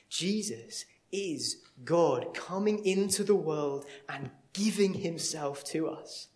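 Earnest preacher, slightly high voice. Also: male voice, takes it slowly, hardly any pauses. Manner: earnest, animated storytelling with emphatic swells. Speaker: pastor. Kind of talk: sermon.

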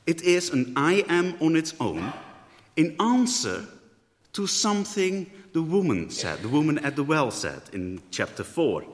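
A man's voice: fairly high pitch, very animated, measured pace. A man preaching a sermon in a thoughtful way, often rephrasing mid-sentence. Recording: echoey hall.

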